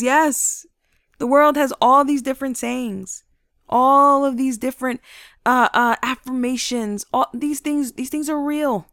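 A woman host giving an energetic, preachy motivational talk straight to her listeners. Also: on the high side, dry recording, clean studio sound.

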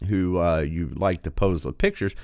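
A man's voice: sits low, moderate pace, darkish tone, clean tone, no room sound, clean studio sound. A man giving sarcastic, incredulous commentary, often stopping a video to react.

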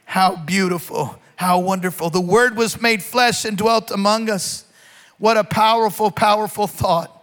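A male pastor delivers a sermon in a high voice, shifting from slow, stretched-out emphasis to sudden shouts and urging the congregation to answer back.

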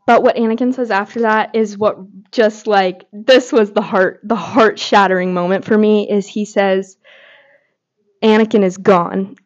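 A woman's voice: mid-range voice, steady tone, moderate pace, few pauses. A woman hosting a podcast, giving casual fan commentary in a gushing way with lots of filler words. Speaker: podcast host. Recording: slightly dull lo-fi audio.

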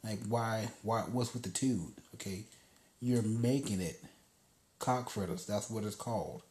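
Low-voiced man rambling in an echoey room. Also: a little slow, a little mellow. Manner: loose, storytelling, swears freely. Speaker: podcast host. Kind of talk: casual rambling monologue. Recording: roomy echo.

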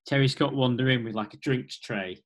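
A man co-hosting a comedy chat, adding quick jokes and agreeing often. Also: medium pitch.

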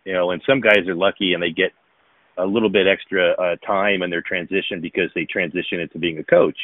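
Deep guy rambling casually, lots of ums, dry tinny phone sound. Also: no echo. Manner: rambling, many fillers and restarts. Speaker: podcast co-host, former pro baseball player. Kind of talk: casual chat.

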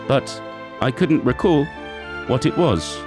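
A man reads as a newly awakened android, confused and taking in everything around it. The delivery is measured and deliberate, with a lively rise and fall in pitch. Music plays clearly underneath. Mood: bewildered. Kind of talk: reading a short story aloud.

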